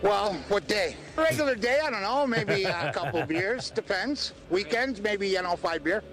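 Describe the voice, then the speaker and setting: A man's voice: high-pitched, animated, normal speed, music in the background. A man from Canada in a street interview clip, blunt and folksy about the topic.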